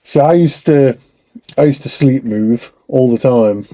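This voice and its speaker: Slow, mellow man. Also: mid-range voice. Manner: relaxed anecdotes, swears casually. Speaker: podcast co-host. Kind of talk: casual chat.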